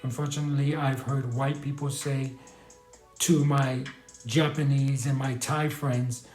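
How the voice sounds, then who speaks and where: A man's voice: mid-range voice, little pitch movement, a little slow, a little mellow, faint music behind. Rambling man in an echoey room. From New York. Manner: rambling, hesitant, full of restarts and apologies. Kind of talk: casual live-stream talk.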